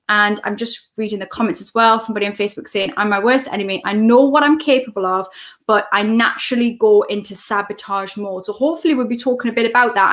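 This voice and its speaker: A woman's voice: mid-range voice, fairly bright tone. A woman, a coach hosting a casual live stream from home, chatting as she greets viewers by name and reads out their comments.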